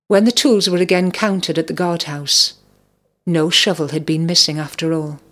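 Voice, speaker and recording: Woman radio presenter, slightly low voice, calm and measured devotional reading. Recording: radio broadcast.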